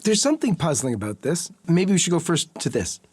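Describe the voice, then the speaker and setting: A man's voice: on the high side, sing-song, fairly quick, breathy edge. A man hosting an interview, reading a channel plug and asking leading questions. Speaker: interview host.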